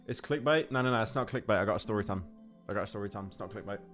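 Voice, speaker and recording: A man's voice: on the low side, rapid-fire, a bit bright. A man streaming live from his home setup, joking and rambling, often stammering and repeating words into a desk microphone. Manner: joking, sarcastic. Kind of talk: casual livestream chat. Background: faint game music.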